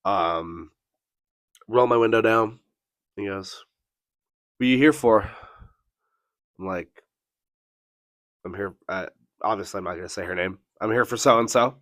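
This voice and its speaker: A man with a low voice recounts a bad date on a casual podcast, cursing freely and acting out each person's lines. The sound is dry and close to the mic. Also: unhurried, long pauses, no room sound. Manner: profane, animated storytelling with acted-out quotes. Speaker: podcast co-host. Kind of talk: casual storytelling.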